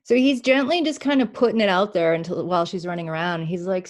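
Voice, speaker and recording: A woman healer giving a spiritual reading on a talk show, speaking in an animated way, acting out inner voices and laughing often. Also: on the low side, fast talker, few pauses.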